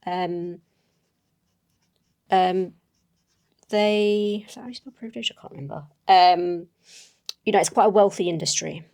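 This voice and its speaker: A woman's voice: fairly low pitch, unhurried, pauses often, darkish tone. A woman playing a solo tabletop game, thinking aloud as she writes, hesitant and full of self-corrections.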